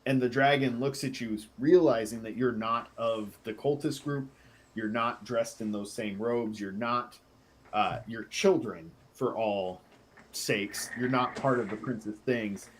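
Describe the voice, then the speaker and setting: A man narrating as game master in a casual online tabletop game, describing scenes slowly with fillers. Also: mid-range voice.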